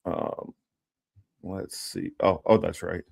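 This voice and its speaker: A man with a lowish voice hosting a casual political livestream. He rambles with lots of ums and restarts, breaking off to read news items aloud. The sound is dry and close, with no room around it. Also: flat delivery, slow, gravelly, a little mellow, husky, no echo. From Los Angeles area. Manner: rambling, many fillers and restarts; reads news text aloud. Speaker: political commentary host.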